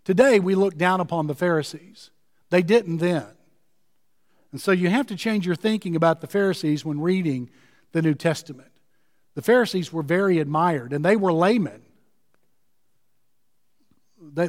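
A pastor preaching a sermon with emphasis, slowing down and stretching his key words. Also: fairly high pitch, long reverb tail.

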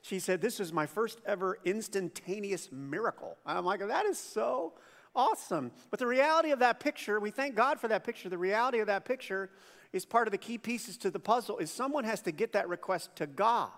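A male pastor delivers a sermon in a casual, animated way, acting out the voices of the people in his stories. His voice sits high. The sound carries a long reverb from the church hall. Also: a little fast. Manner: conversational, animated storytelling with acted-out quotes. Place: church auditorium.

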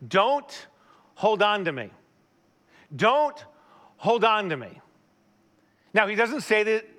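A man preaching a conversational sermon, retelling a story with animated asides and questions to the listener. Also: sits high. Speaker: pastor.

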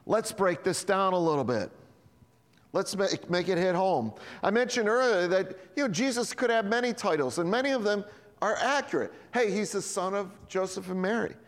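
A male pastor preaching a sermon with lively delivery, acting out the dialogue of biblical characters. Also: sits high, in a large hall. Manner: animated, acts out dialogue.

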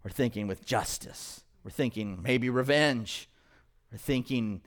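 A male pastor preaching a sermon to a congregation, animated and quizzing the listeners with questions. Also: mid-range voice, moderate pace. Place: church, in front of a congregation.

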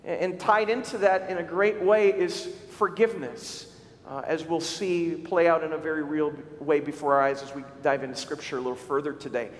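A male pastor preaching a sermon, telling stories with animated shouts for emphasis. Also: on the high side, moderate pace. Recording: echoey hall recording.

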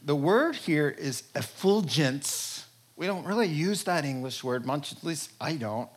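A man preaching a sermon, emphatic and animated, laughing often and swinging between loud exclamations and near-whispers. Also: on the high side, a little slow, breathy edge. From Jewish background. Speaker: pastor.

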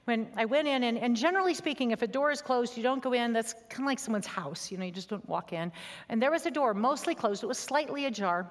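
A woman giving an earnest, conversational sermon built around a personal story, sometimes dropping to a soft near-whisper. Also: a little high, big-room sound.

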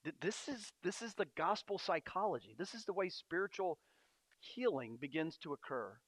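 A man preaching a sermon as a pastor, earnest and storytelling, often pausing on fillers. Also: sits high, lively intonation, fairly bright tone, dry recording. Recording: dry, dull lo-fi sound.

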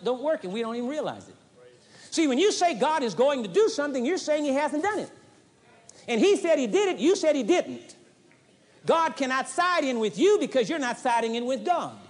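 A man preaching a sermon with emphasis, driving points home by repeating short phrases. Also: extremely high pitch. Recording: long hall reverb, 1980s audio tape.

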